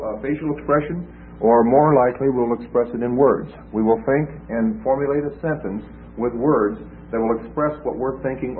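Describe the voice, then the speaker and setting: A man delivering a teaching sermon, explaining things patiently and stopping often on filler sounds. His voice comes through thin and tinny like a phone line, with a faint hiss under it. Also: medium pitch. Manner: explanatory, with frequent filler "uh" and restarts. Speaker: preacher.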